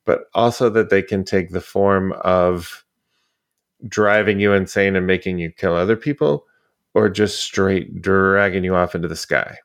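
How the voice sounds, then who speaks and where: A man's voice: low-pitched, steady tone, measured pace. A man co-hosting a podcast who talks about a film's cast and story in an easygoing, casual way. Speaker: podcast co-host. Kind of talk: casual film discussion.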